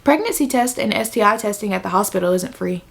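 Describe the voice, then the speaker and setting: Young woman venting, with a gravelly edge. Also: medium pitch, animated, fast talker. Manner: emphatic and venting, repeats points for stress. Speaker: vlogger. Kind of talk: casual storytime.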